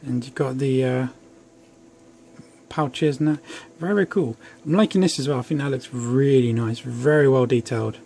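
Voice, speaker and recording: This is a young man's casual action figure review from home, chatty, rambling, and self-deprecating. His mid-range voice is gravelly and warm at a normal speed, with faint noise behind it.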